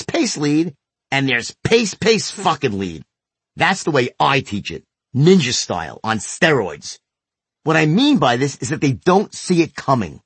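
A man with a husky, slightly breathy voice teaches sales technique, his pitch swinging up and down as he drives points home. He talks bluntly and emphatically and isn't shy about a curse word, and the sound is close and dry with no room in it. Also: no room sound. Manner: blunt and emphatic, with occasional swearing. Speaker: sales trainer. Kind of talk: instructional narration.

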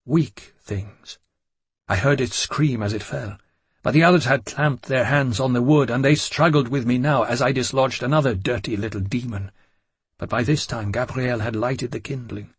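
A man narrating a gothic novel in the first person, measured and dramatic. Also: mid-range voice, slightly rough, no echo. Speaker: audiobook narrator.

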